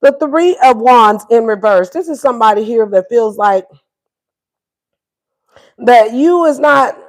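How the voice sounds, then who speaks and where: A woman's voice: fairly high pitch, expressive, unhurried. A woman giving a casual tarot reading, sassy and acting out what the lovers would say. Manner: sassy, acts out voices of both lovers. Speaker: tarot reader.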